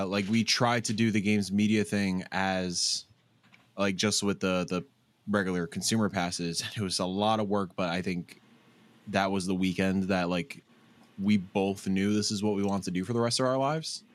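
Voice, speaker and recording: A young man with a somewhat low voice co-hosts a casual podcast. He rambles in a heartfelt way, and curses freely between his fillers. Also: fairly even intonation, measured pace. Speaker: podcast co-host. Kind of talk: casual chat.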